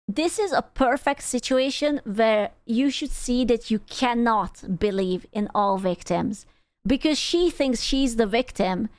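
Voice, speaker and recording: A woman's voice: fairly high pitch, no echo. A woman streamer giving casual reaction commentary, sarcastic and mocking, swearing freely. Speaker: VTuber streamer reacting to a video.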